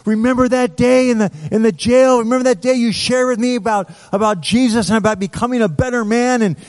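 A preacher voicing an excited, grateful former inmate who calls out urgently in a reverberant hall. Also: male voice, extremely high pitch, fairly quick, voice pushed up. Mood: eager. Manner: urgent, calling out eagerly.

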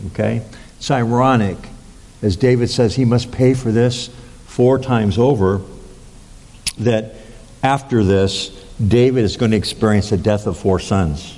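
A man preaching a sermon as a pastor, halting with many fillers and restarts. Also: warm tone. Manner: acts out quoted lines with raised pitch. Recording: long hall reverb.

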